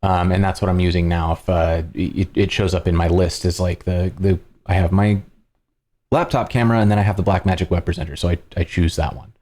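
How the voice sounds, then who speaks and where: Man host, lowish voice, projecting a big outdoor presenter voice, chatty and full of ums, close compressed studio mic at home. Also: fairly even intonation, brisk, darkish tone. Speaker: livestream host. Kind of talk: casual explanatory talk. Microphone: studio dynamic microphone with compression.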